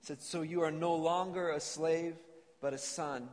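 A man's voice: on the high side, steady tone, normal speed. Man preaching in an echoing hall. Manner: earnest preaching with scripture readings. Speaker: pastor. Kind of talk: sermon. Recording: long reverb of a church hall.

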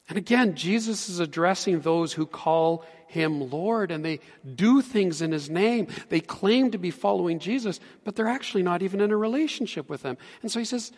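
A pastor delivers a sermon in an earnest voice that climbs to emphatic peaks. His voice sits a little high for a man. A long reverb trails each phrase, as in a church sanctuary. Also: expressive, moderate pace.

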